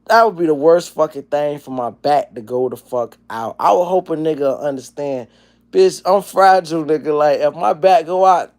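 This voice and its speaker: A man in his forties hosting a casual livestream, rambling and profane, dropping to low mumbles and then breaking into loud, animated rants. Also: normal speed. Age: 40s. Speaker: livestream host. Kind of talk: casual livestream chat, reading chat comments.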